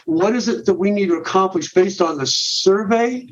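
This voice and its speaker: A man's voice: sits high, moderate pace. Middle-aged man explaining in steps. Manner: explains step by step with many restarts and repeated words. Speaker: guest, men's ministry director. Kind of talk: podcast interview. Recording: dull, muffled sound.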